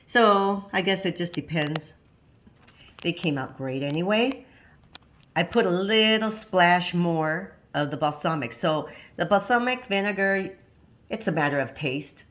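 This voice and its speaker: A home cooking channel host walks through a recipe step by step in her kitchen, chatty and homey, often laughing at herself. Her voice sits lowish and a bit bright, with lively intonation and a slightly slow pace.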